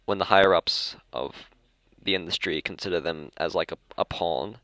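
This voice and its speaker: Low-voiced Australian young man rambling. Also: normal speed, pushed and bright, no room sound. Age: young adult. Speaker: podcast host. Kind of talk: casual chat. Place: school library.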